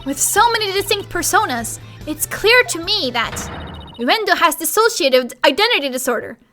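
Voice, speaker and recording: A woman voicing an eager, energetic young female defense lawyer. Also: extremely high pitch, moderate pace, soft background music, exaggerated voice. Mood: excited.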